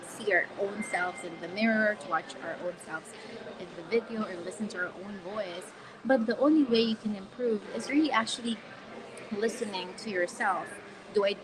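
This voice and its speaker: A woman's voice: mid-range voice, poor audio. A woman from the Philippines in her forties, a coach talking casually and upbeat on a live stream filmed with a phone on a tripod, laughing often. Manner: chatty and upbeat, with frequent laughs and fillers. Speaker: confidence coach. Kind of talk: live-stream talk to followers. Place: shopping mall, in a public space. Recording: phone live-stream with mall crowd behind. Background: crowd of shoppers.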